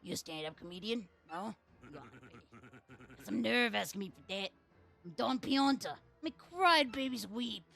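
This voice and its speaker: A woman voicing a gruff, touchy male mob boss with a Brooklyn accent, reading game dialogue aloud in tough-guy gangster talk. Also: mid-range voice, animated, a little slow, a bit bright, soft background music. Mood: threatening.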